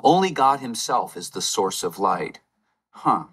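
A man preaching a Palm Sunday sermon, retelling scripture as a lively story with playful game-show asides. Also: on the low side, a little slow, husky. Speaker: lay preacher.

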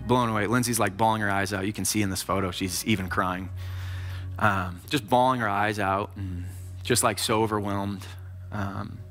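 Bright-voiced man preaching casually. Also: lowish voice, steady tone, moderate pace, faint music behind. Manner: casual, conversational, filler-heavy. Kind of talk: sermon storytelling.

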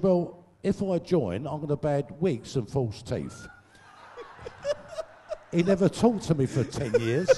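A man's voice: mid-range voice, warm tone, husky. An older man telling crude, sweary comic anecdotes to a live audience on a stage microphone, laughing at his own jokes. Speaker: guest storyteller. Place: large venue, live audience show. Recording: echoey hall.

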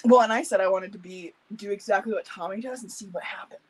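Giggly husky-voiced woman co-host. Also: medium pitch, fast, low-quality recording. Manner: giggly, joking asides. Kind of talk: casual chat on a show.

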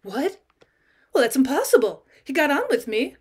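Woman reads an upset young wife, pleading and insistent, with a lively voice. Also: high voice, moderate pace. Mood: distressed. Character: distressed young wife stranded in the city.

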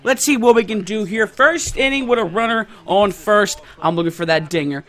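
A young man giving loud, excited commentary on a baseball video game, shouting at the big plays. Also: high voice, normal speed. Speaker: gaming YouTuber.

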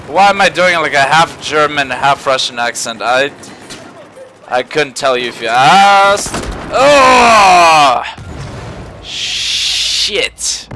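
A man's voice: medium pitch, unhurried, faint music behind. A man giving gameplay commentary, muttering to himself and then swearing and yelping at sudden moments. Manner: excitable, swears and yelps at surprises; mutters quietly to himself between outbursts. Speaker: gamer. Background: faint gunfire from the game.

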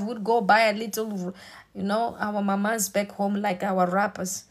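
A woman's voice: mid-range voice, little pitch movement, moderate pace. A woman preacher delivering a sermon with emphatic, repetitive exhortation.

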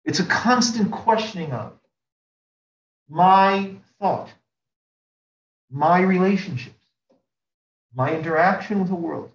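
A man's voice: high voice, expressive, slow pace, long pauses. Man lecturing rhetorically in an echoey room. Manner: rhetorical, repeats and builds phrases, emphatic rises. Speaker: rabbi teaching a class. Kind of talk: religious lecture. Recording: roomy, distant mic, dull sound.

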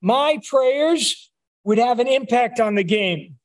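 A man's voice: extremely high pitch, expressive, takes it slowly. A man, a rabbi, giving a conversational sermon in a synagogue, telling wry stories. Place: synagogue sanctuary.

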